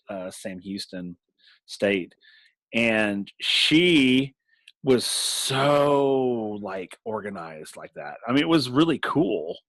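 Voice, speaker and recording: A man's voice: medium pitch, fairly bright tone, no room sound, poor audio. A man in casual chat about tabletop games, rambling with restarts and laughing often. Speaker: game master and podcast host.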